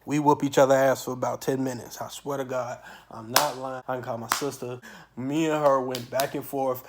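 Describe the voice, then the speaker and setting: A man in the middle of his voice range tells a storytime monologue. His delivery is profane and animated, with sudden loud outbursts. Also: mid-range voice, normal speed, a little hiss or hum. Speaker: channel host.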